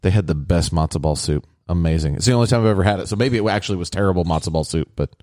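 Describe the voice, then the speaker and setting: A man's voice: low voice, racing, darkish tone, dry recording. A man co-hosting a podcast in casual banter, teasing with dry wordplay. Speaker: podcast co-host.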